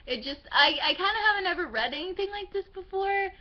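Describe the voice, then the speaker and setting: A young woman vlogger chatting about her book haul, gushing and excitable, swearing now and then. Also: extremely high pitch, fast, highs cut off. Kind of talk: casual book haul chat.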